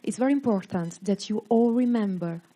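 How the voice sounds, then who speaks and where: Italian-accented woman, giggly, halting English, short remarks at an outdoor event. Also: mid-range voice, mellow. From Italy. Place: outdoor street ceremony.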